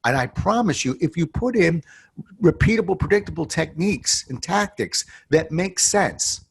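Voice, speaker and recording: A man, a sales trainer, answering interview questions as an animated storyteller who swings from low asides to loud emphatic points. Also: moderate pace, gravelly, breathy edge.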